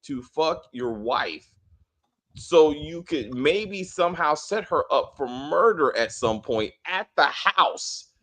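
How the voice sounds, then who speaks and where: A man co-hosting a casual spoiler review, animated and exasperated, swearing freely and acting out scenes. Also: a little high, takes it slowly, few pauses. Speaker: movie review co-host.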